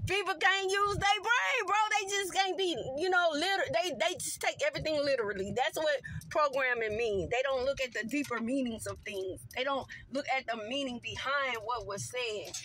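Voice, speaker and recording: High, bright-voiced woman vlogger. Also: moderate pace, hardly any pauses, a little hiss or hum. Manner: animated, slangy, addresses viewers directly. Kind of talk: casual storytelling monologue.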